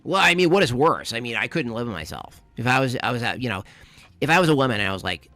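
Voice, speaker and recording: A man's voice: medium pitch, sing-song, fast talker, bright, forceful tone, soft background music. A man putting on the voice of a pompous, preachy conservative pundit, fussing and lecturing in a comedic impression. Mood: whiny. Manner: pompous, scolding, fussy. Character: smug, preachy male conservative pundit, middle-aged.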